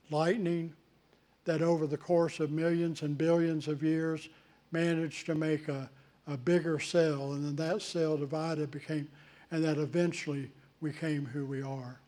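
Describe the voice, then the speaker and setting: A male pastor preaching a sermon in a measured way, with deliberate pauses between phrases. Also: fairly high pitch, a little mellow. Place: church.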